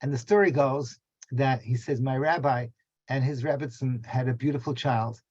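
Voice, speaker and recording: A man's voice: mid-range voice, normal speed, a little mellow, dry recording, lo-fi sound. A middle-aged man, a rabbi, telling a story in an informal class from a small room at home, chatty and digressive with lots of asides and fillers.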